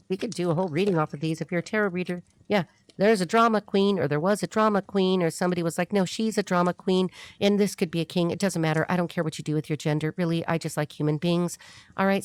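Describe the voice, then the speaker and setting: A woman's voice: lowish voice, a little mellow. A woman giving a rambling, blunt, casual tarot reading to her viewers. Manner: rambling, chatty, blunt and irreverent. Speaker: tarot reader.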